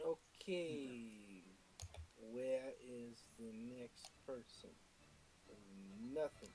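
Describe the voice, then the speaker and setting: Man, tabletop player, mid-pitched voice, thinks aloud, unsure. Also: expressive, drawn-out words, warm tone, a little hiss or hum. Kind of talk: casual tabletop game chat.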